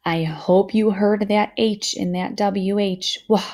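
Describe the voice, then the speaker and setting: A woman teaching a phonics lesson to young children, sounding words out slowly and patiently with steady encouragement. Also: mid-range voice.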